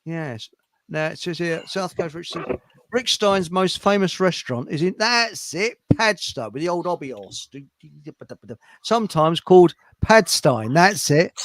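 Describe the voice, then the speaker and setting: A middle-aged man chats loosely on a livestream, grumbling bluntly between quick asides. His voice sits a little high, and the sound is dry with no room echo. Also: expressive. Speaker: host. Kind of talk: casual livestream chat.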